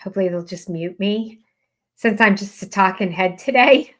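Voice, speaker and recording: A woman's voice: mid-range voice, normal speed. Chatty woman hosting a live stream. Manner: chatty and self-deprecating, reading out viewers' updates. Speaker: host of a live writing sprint stream. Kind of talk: casual live-stream chat.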